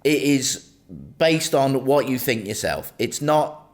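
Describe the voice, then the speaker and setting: A man's voice: medium pitch, expressive, slow. A man co-hosting a casual podcast chat, with a dry, pedantic, playfully argumentative manner. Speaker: podcast co-host.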